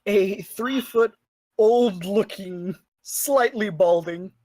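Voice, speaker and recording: A woman playing a tabletop game, talking in halting phrases broken up by giggles. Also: medium pitch, warm tone, dry recording, clean studio sound. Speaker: player. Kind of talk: casual tabletop game chat.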